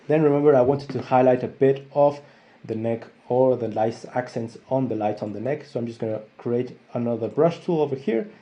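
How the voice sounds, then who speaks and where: A young adult man explaining photo editing software step by step, often calling his viewers guys. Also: mid-range voice, brisk, highs cut off. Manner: steady step-by-step walkthrough, addressing viewers as guys. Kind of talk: screen-recorded software tutorial.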